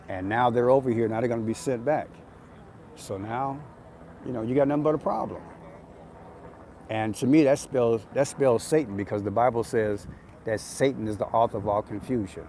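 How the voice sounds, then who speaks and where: A man's voice: medium pitch, darkish tone, a little hiss or hum. A man hosting an outdoor live stream, talking in an emphatic, repetitive, preachy way. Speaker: channel host. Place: outdoors on an urban street.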